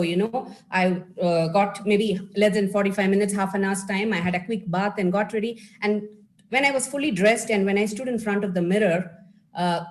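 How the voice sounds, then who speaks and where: A woman's voice: mid-range voice, rough recording. Encouraging woman giving a webinar talk. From India. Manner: warm encouraging, addresses audience as friends. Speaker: life skills speaker. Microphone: video call.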